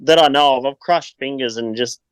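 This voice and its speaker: A man's voice: medium pitch, fairly quick, clean tone, no echo, low-quality recording. An Australian man chatting as a podcast guest, telling rambling stories and laughing often. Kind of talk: casual chat.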